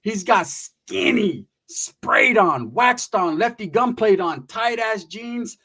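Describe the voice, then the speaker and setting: A man telling a comic story in an animated, profane, slangy way. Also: high voice, slow. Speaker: comedian storyteller.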